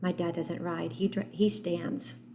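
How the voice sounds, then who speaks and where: A woman's voice: lowish voice, level tone, a little slow, dark tone, a little hiss or hum. A woman reading an audiobook voices an upset young boy, tearful and pleading. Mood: proud.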